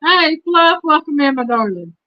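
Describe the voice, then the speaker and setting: A woman hosting a casual livestream chat, reading trivia questions slowly and repeating them. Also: high voice, big pitch swings, dry recording. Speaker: host. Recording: dull lo-fi stream audio.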